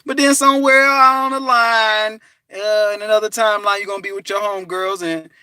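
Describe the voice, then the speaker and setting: Man, high voice, animated preachy talk, dry close sound. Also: fairly quick, smooth, no room sound. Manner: animated, preachy, laughs and sings out bits. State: hot and restless. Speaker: vlogger. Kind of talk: casual motivational talk. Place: inside a parked car.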